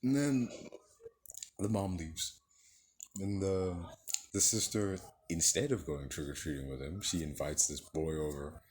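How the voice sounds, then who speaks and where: This film reviewer talks a little slowly with frequent pauses, his low voice darkish and breathy. He rambles casually, swears freely and keeps dropping "like" and "you know."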